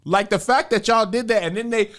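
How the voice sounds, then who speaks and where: A man's voice: high-pitched, a little fast, a bit bright. A man hosting a casual podcast chat, joking and playful. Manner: joking, playful, drops into mock accents. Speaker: podcast host.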